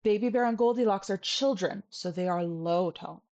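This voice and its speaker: A woman teaching a video language lesson, patient and playful, repeating each sound slowly so the viewer can copy it. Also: mid-range voice, darkish tone, muffled recording.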